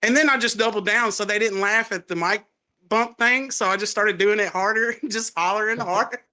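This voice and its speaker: A man's voice: sits high, normal speed. A man with a Southern US accent, a stand-up comedian chatting casually and acting out his stories with lots of laughter. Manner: animated storytelling, laughs often, acts out quotes. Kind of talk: casual chat.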